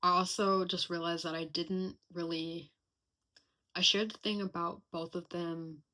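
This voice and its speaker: A woman's voice: lowish voice, little pitch movement, measured pace, bright, forceful tone. A young woman hosting a casual personal podcast, talking candidly and reflectively with lots of chatty fillers. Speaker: podcast host.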